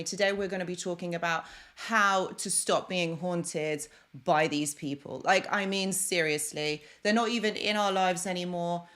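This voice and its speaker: A woman's voice: lowish voice, steady tone, normal speed, few pauses, a bit bright. A woman hosting a live stream, chatting effusively with viewers and greeting them by name, then turning encouraging and reassuring. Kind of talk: casual live stream chat. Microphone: desk microphone.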